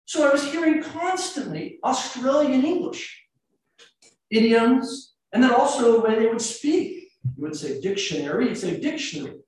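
A man's voice: extremely high pitch, lively intonation, moderate pace, a little mellow. A man with an American accent, a priest giving a conversational sermon full of anecdotes and rhetorical questions. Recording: echoey church, mic at a distance.

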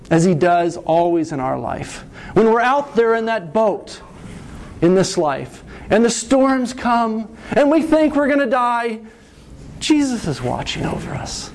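Animated man preaching a sermon. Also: very high-pitched, gravelly. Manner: animated storytelling, asks "right?".

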